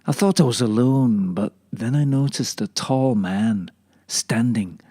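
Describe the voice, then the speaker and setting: A rambling old kale leaf , as a man voices him, tells his tale in a slow, unhurried drawl. The delivery stays bone-dry and deadpan. The room is dead dry, with no echo at all. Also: mid-range voice, husky. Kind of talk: comic monologue.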